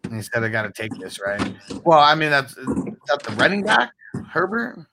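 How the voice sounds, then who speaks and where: A man's voice: fairly high pitch, very animated, a little fast, creaky, background noise. A man co-hosting a casual fantasy football show, reading out viewer comments and joking about them. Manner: joking, reads out chat comments. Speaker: co-host. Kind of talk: casual podcast chat.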